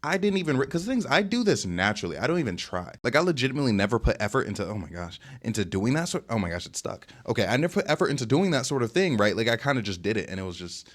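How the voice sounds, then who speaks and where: A man's voice: mid-range voice, very animated, very fast, hardly any pauses. A young man rambling through a casual storytime about his dating life, slangy and boastful, talking into a webcam setup at home. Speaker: streamer telling a dating story.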